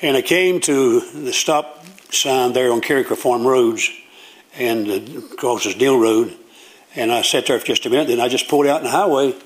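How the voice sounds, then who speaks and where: Folksy older pastor preaching. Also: male voice, medium pitch. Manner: folksy storytelling with plain country grammar. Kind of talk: sermon.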